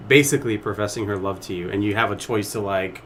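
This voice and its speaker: Low-voiced hesitant man in casual chat. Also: fast, a bit bright, a little hiss or hum. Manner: hesitant, filler-heavy, reactive. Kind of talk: casual gaming podcast chat.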